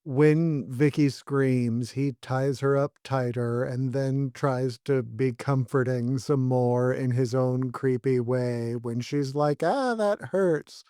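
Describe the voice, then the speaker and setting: A man's voice: mid-range voice, little pitch movement, slow, hardly any pauses, dark tone, clear, resonant tone, dry recording, clean studio sound. A man co-hosting a podcast, casually chatting and recapping episodes with wry humor. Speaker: podcast co-host.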